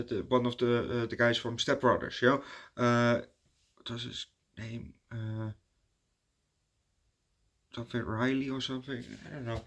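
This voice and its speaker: Reviewing a film in a casual, spoken way, this man, whose first language is Dutch, wanders and hesitates with plenty of fillers and false starts. His voice is medium in pitch with a fairly bright tone.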